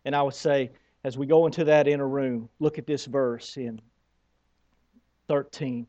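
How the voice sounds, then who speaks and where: A man preaching a sermon in a conversational, emphatic way, who stutters and repeats words when he gets excited. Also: mid-range voice, measured pace, pauses often, no room sound, dull audio. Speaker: pastor.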